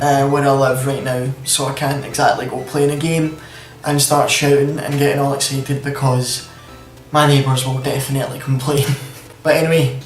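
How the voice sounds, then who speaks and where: A man's voice: on the high side, reverberant, recorded from a distance, rough recording. A man in his twenties with a Scottish accent, chatting casually through a Q&A vlog from home with lots of fillers. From Scotland. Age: 20s. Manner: chatty, rambling, many fillers. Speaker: YouTube gaming channel host. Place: room at home at night. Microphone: camera on tripod.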